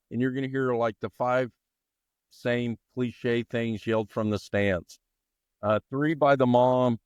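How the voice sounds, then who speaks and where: A middle-aged man, a longtime baseball coach and teacher, telling stories with lively energy as a podcast guest. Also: mid-range voice, clear, resonant tone, no echo, highs cut off. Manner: animated, energetic storyteller. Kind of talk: storytelling in a podcast interview.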